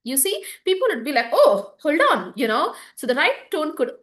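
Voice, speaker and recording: A woman coach talks through a sales lesson on a webcam with her screen shared. Her voice sits a bit high. She keeps it conversational, dropping "right?" and "okay?" and a lot of fillers as she goes. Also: very animated, a little fast, a bit bright. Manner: conversational, frequent tag questions and fillers. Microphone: video call or webcam with screen share.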